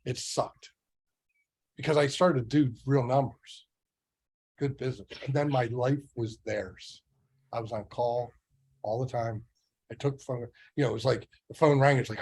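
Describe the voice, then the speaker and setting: A middle-aged man leads a motivational business training session for sales agents. He talks casually and keeps checking in with "right?" and other rhetorical questions. His pitch sits right in the everyday male middle. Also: unhurried, pauses often, a little mellow, husky. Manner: conversational, full of rhetorical questions. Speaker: real estate sales trainer.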